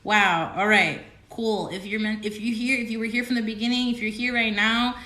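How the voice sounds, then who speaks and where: A woman giving a casual tarot reading to camera, who swings from low murmuring to squealing excitement and swearing. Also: normal speed. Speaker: tarot reader. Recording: roomy echo, faint background noise.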